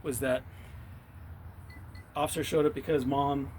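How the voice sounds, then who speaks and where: A police sergeant calmly taking down a man's details outdoors and repeating his account back to him. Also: medium pitch, unhurried, crowd noise. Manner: calm, patient, checks details back.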